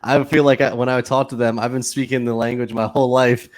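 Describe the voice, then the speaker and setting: A man's voice: medium pitch, flat delivery, quick pace, darkish tone. A man co-hosting a podcast, chatty and friendly while telling stories and asking questions. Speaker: podcast co-host. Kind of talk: casual podcast interview.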